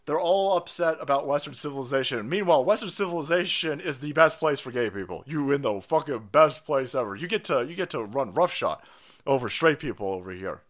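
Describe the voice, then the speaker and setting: A man hosting a political livestream, ranting loudly and crudely with sarcastic laughs. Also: mid-range voice, animated, a little fast. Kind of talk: profane political rant.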